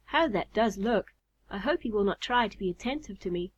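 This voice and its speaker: A woman reading as a gentle young lady moth. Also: medium pitch, lively intonation, a little fast, husky, dull audio. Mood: fretful. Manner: earnest and pleading.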